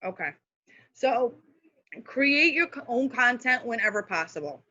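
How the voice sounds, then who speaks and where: A woman's voice: fairly high pitch, animated, a little slow, sharp tone, highs cut off. A woman speaking as a guest social media manager, giving casual, practical tips on a live video call with many fillers and asides.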